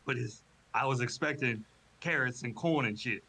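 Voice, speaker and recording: A man doing an impression of a deadpan, laid-back male stand-up comic on a comedy podcast, explaining his own one-liners earnestly. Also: medium pitch, moderate pace, breathy edge.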